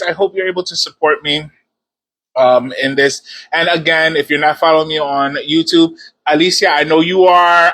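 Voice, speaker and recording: A man with a slightly high, bright and forceful voice talks to viewers in a casual live stream. He is encouraging and repeats his points for emphasis. He is speaking into a phone. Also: poor audio.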